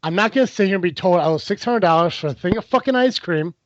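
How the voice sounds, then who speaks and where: A man with a fairly high voice tells a workplace story in casual podcast chat. He swears freely and puts on the other people's lines as he goes. The sound is dull and dry, like a lo-fi home podcast mic. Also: expressive, fast talker, no room sound. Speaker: podcast co-host telling a story.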